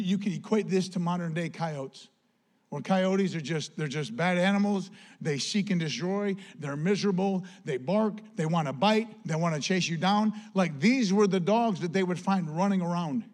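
High-voiced impassioned male pastor. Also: normal speed. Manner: impassioned, rising to near-shouts when quoting Paul; conversational asides and jokes. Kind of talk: sermon.

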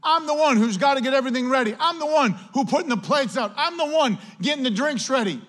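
A man's voice: extremely high pitch, animated, fast talker, fairly bright tone, long reverb tail, pitched above the performer's own voice. A man putting on a whiny overworked Martha. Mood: whining. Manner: whiny, pleading, exasperated. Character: complaining Martha, an overworked woman host.

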